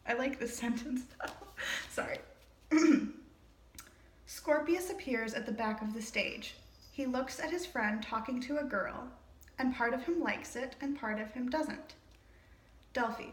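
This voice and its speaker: A woman's voice: fairly high pitch, measured pace. A woman casually reading a play aloud and chatting about it, with frequent laughs and rambling asides. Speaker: reader and commentator. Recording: roomy echo.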